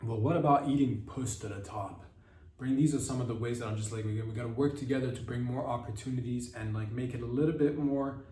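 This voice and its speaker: A man's voice: mid-range voice, fairly quick, mellow, reverberant, far from the mic. A man hosting a podcast, riffing on the news in a rambling, mock-serious comedic way. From Canada. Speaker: podcast host.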